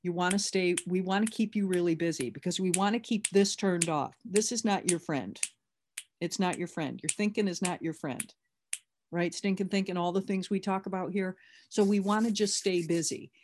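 A woman's voice: fairly low pitch, normal speed, background noise. A woman talking candidly and emphatically as a sponsor teaching recovery step work in a conversational workshop.

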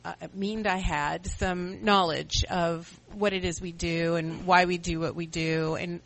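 A middle-aged speaker on a recovery meeting panel, giving an earnest, reflective personal testimony with halting restarts. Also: medium pitch, flat delivery, gravelly, fairly bright tone, low-quality recording.

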